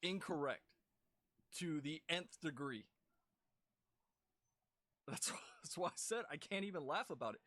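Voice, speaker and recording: Scornful male reactor, higher voice, dry booth sound, keeps repeating himself in disbelief. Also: animated, measured pace, pauses often, a bit bright, dry recording. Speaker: reaction video reviewer. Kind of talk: exasperated commentary over a video.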